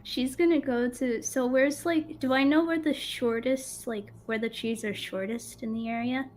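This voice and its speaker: A woman's voice: sits high, steady tone, normal speed, a little mellow. A woman playing a tabletop game, asking tentative questions about what her character can do. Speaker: player. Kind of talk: casual tabletop play.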